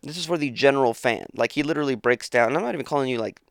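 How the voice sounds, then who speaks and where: A man with a gravelly, creaky voice talks alone on his podcast, drifting from thought to thought and swearing freely. The sound is dry and close, with no room around it. He sounds a bit sleepy, trailing off and restarting his sentences. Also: mid-range voice, rapid-fire, no echo. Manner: rambling, profane, self-interrupting. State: sleepy, yawning. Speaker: podcast host. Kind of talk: casual solo podcast monologue.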